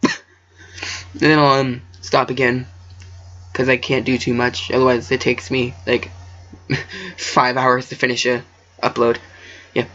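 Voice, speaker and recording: A man's voice: mid-range voice, flat delivery, takes it slowly, pauses often, fairly bright tone. A man reading fan fiction aloud at home. He rambles into self-deprecating asides and stumbles over his words. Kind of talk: casual story reading with asides. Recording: dull lo-fi home recording.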